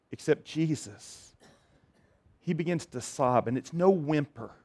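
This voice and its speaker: A middle-aged man preaching a sermon in an earnest, conversational way, stumbling and restarting, swinging between loud declarations and quiet moments. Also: mid-range voice. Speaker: pastor.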